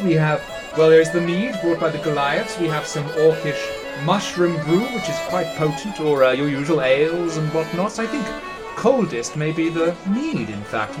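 Guy doing a posh fussy orc barkeep, kinda high, fiddle music playing. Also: natural voice. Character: flamboyant male orc innkeeper in a powdered wig.

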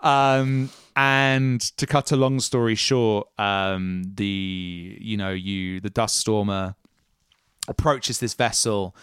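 A man running a tabletop role-playing game, unfolding the story in a measured way with casual asides. His voice sits low and sounds smooth and resonant. The recording is close and dry on a podcast mic. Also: fairly even intonation, fairly bright tone, dry recording. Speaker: game master.

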